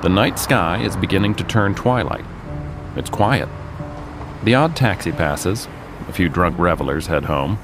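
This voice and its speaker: A man's voice: sits low, expressive, a little slow. An American man hosting a podcast, narrating a true story dramatically with jokey asides. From United States. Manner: dramatic storytelling, jokey banter between scenes. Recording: voice over a music bed.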